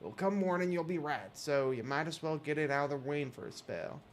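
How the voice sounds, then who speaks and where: A gruff country homesteader, as a man puts him on in a game, speaking in a slow, folksy drawl. He comes across plain-spoken and neighborly, with a slightly louder, firmer delivery. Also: a little high, a little hiss or hum, lightly acted. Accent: put-on rural country drawl. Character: drawling rural man, gruff but hospitable.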